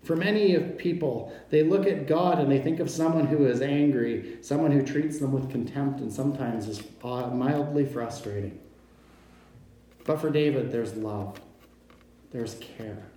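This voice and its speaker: Guy giving a sermon, slow and emphatic, warm dark voice, lots of room echo. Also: mid-range voice. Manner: slow emphatic delivery, stresses pronouns. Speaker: pastor. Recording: very echoey room.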